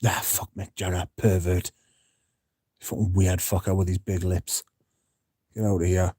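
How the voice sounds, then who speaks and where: A man's voice: sits low, little pitch movement, unhurried, mellow, breathy edge, dry recording, studio quality. A man hosting a casual livestream, talking bluntly and swearing freely as he reads out and answers viewer comments. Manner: blunt and profane. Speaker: livestream host.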